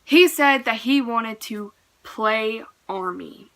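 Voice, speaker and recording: A young woman vlogger telling a personal story in casual chat, full of fillers, swinging from hushed asides to loud outbursts. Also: a little high, slow. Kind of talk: storytime vlog.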